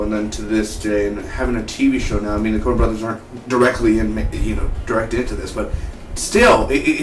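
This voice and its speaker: A man giving a casual, excitable TV review, rambling with many restarts. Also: mid-range voice, far from the mic. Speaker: TV show reviewer. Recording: echoey room, off-mic, faint hiss.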